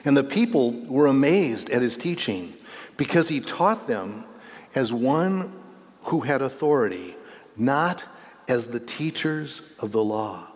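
Brief: male preacher, mid-pitched, emphatic Bible teaching with long reverb from a church hall. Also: animated, slow. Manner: emphatic, rising on key words, repeats and corrects phrases. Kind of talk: sermon-style Bible teaching.

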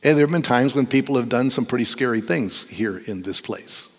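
Animated preacher man in a reverberant church. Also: medium pitch, fairly quick. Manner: animated and emphatic, dropping to hushed whispers for effect. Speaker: pastor. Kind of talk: sermon. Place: church sanctuary. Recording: long reverb of a church hall.

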